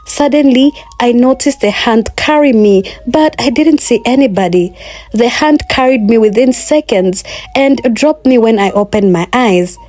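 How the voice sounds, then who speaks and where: A woman's voice: fairly high pitch, normal speed, a little mellow. A woman narrating a first-person moral folktale, speaking in an earnest, moralizing way. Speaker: storyteller.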